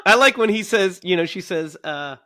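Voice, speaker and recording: A man in his thirties co-hosting a casual movie podcast, animated and laughing often as he recounts scenes. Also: high-pitched, moderate pace. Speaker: podcast co-host.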